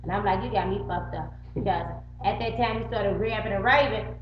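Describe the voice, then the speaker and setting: A woman's voice: medium pitch, a little fast. A middle-aged woman tells a story straight to the camera, swearing freely and acting out both sides of the argument. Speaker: vlogger. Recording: roomy, muffled home recording with faint hum.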